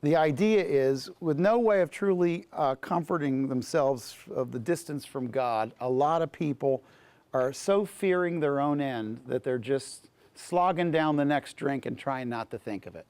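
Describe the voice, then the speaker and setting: A man who is a pastor and Bible teacher, telling a story in a class in an animated way, often repeating words. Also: mid-range voice, a little slow, no room sound.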